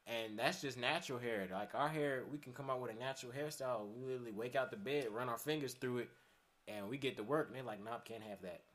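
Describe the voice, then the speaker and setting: A man's voice: medium pitch, fast talker, fairly bright tone. Laid-back, swearing podcast guest man. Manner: laid-back, profane, laughs often, many fillers. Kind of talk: casual podcast chat.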